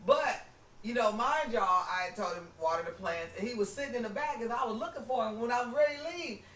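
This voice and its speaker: A man telling a story on a podcast, animated, laughing and acting out the quotes. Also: extremely high pitch, fast talker. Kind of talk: casual storytelling. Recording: roomy, distant mic, faint noise.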